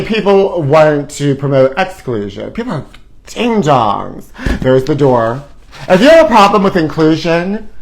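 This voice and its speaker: Sassy, flamboyant gossip host, a man. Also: a little high. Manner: flamboyant and sassy, calls the viewers honey; breaks into short bits of song. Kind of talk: campy live gossip commentary.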